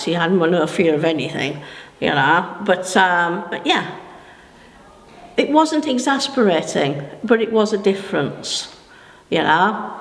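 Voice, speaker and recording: An older woman, giving a sermon in a slow, chatty, folksy way with asides to her listeners. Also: medium pitch. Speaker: preacher. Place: church hall. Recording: echoey hall with long reverb.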